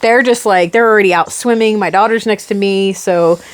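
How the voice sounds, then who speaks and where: A woman in her thirties co-hosting a casual chat, telling a story with lots of swearing and acting out her own panic. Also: normal speed. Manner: animated, swears freely, acts out her own panic with big pitch jumps. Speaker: podcast co-host.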